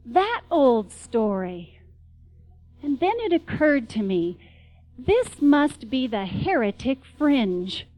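A woman's voice: high-pitched, very animated, slow pace, a little mellow, low-quality recording. A middle-aged woman giving a wry, dramatic spoken-word storytelling performance.

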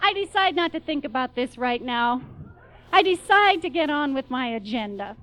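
Woman storyteller, middle-aged, high voice, very lively pitch, wry and dramatic. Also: normal speed, clear, resonant tone, poor audio. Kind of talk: spoken-word storytelling performance.

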